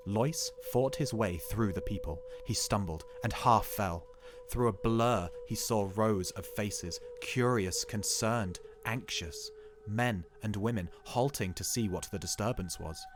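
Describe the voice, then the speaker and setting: A man narrating a short story in a measured, dramatic reading, over background music. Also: lowish voice.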